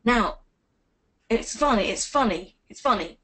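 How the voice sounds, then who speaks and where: Female confidence coach, online class, higher voice, animated and jokey. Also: measured pace, rough recording. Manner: energetic, playful, acts out quotes with big pitch leaps.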